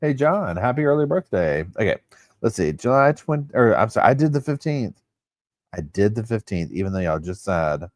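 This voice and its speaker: Chatty and animated, a man runs a casual live chat with his viewers, calling them y'all. He speaks on the low side at normal speed, and the sound is clean studio audio without room sound.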